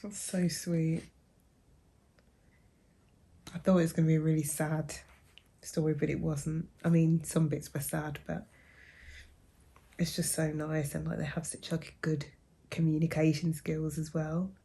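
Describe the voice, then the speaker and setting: Brief: young woman book vlogger, low flat voice, soft and musing, casual chat. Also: normal speed. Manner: soft-spoken, musing, often hushed. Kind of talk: casual reading vlog.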